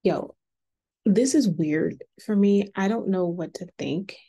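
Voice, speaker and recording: Chatty woman host with a dark, gravelly voice for a reality TV recap. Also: mid-range voice, slow. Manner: chatty, acts out quotes in a lively voice. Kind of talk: casual recap commentary.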